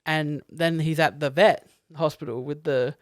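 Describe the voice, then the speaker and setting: A man's voice: fairly high pitch, fairly even intonation, a little slow, no room sound, studio quality. A man co-hosting a podcast, talking about a film in casual chat, enthusiastic and rambling with many fillers. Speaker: podcast co-host.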